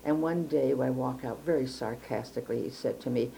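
An older woman from Chicago looks back on her life in an interview, her voice low and mellow. She talks in a careful, precise way and often restarts her sentences. A faint hiss sits under the recording. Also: fairly even intonation, fairly quick, vocal fry, hardly any pauses, low-quality recording. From Chicago, United States. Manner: reflective, precise storytelling with frequent restarts. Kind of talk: oral history interview.

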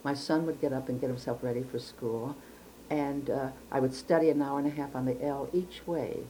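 Older woman, low mellow voice, reflective storytelling, precise words, faint background hiss. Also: steady tone, moderate pace, poor audio. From Chicago, United States. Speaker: interviewee. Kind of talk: oral history interview.

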